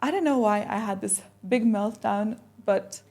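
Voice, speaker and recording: A young woman, a podcast guest, telling a personal story in a casual, animated way and acting out the conversations she recalls. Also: medium pitch, unhurried, vocal fry. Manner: animated, acts out quoted exchanges.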